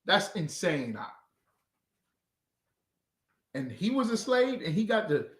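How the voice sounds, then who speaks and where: A man leading an informal scripture class, talking in a mocking, animated, slangy way. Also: high-pitched, slow. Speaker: class leader. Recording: echoey room.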